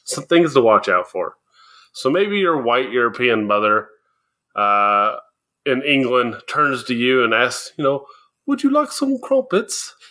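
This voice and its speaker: A man's voice: medium pitch, lively intonation, measured pace, sharp tone. A man co-hosting a casual podcast chat, explaining things and often laughing as he goes. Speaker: podcast co-host.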